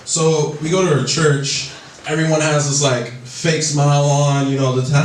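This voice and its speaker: A man's voice: medium pitch, steady tone, normal speed. Male stand-up comic, loose and profane, chatting with the crowd; captured from far back in a reverberant club with faint ambient noise. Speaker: stand-up comedian. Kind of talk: stand-up comedy set. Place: comedy club stage. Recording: echoey club recording from a distance.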